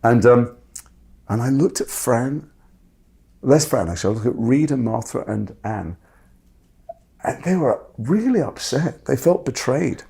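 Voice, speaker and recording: A man telling candid stories about his acting work in a fast, animated, self-interrupting way. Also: medium pitch, vocal fry, breathy edge. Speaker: actor guest. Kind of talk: candid conversational storytelling.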